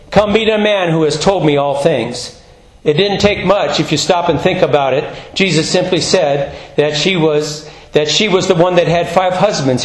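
A pastor delivers a sermon with animated, rising emphasis and quieter, lower stretches. His voice sits a bit high for a man, and the room around him rings with echo.

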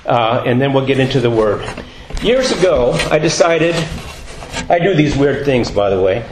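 A man's voice: medium pitch, sing-song, normal speed, background noise. Chatty man preaching in an echoey church. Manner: chatty, rambling, lots of uh fillers. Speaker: guest preacher. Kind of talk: sermon.

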